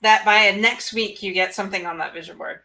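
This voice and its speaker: A woman's voice: mid-range voice, a little fast, creaky, sharp tone. A woman podcast co-host in casual chat, upbeat and encouraging.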